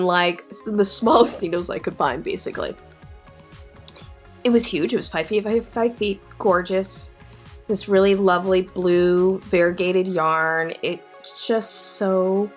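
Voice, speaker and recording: A woman knitting vlogger telling a personal story to camera in a casual, animated way, laughing often and getting emotional. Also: medium pitch.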